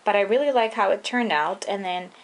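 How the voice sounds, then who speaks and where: A young woman casually walking through her handmade scrapbook album, chatty and relaxed, with frequent ums and trailing-off phrases. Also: mid-range voice, fairly quick. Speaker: scrapbooking vlogger. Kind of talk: casual show-and-tell walkthrough.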